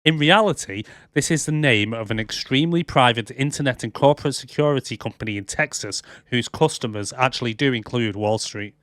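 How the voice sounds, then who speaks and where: A man's voice: medium pitch, brisk, hardly any pauses, a bit bright, no echo. A man co-hosting a movie podcast, chatting casually and rambling with lots of fillers. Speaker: podcast co-host. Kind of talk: casual chat.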